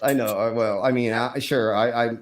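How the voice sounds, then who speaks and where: A man's voice: medium pitch, steady tone, a little fast, crowd noise. Rambling, profane man telling a story. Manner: rambling, profane, lots of fillers and restarts; acts out his own shouted lines in the story. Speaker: stream host. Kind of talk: casual storytelling.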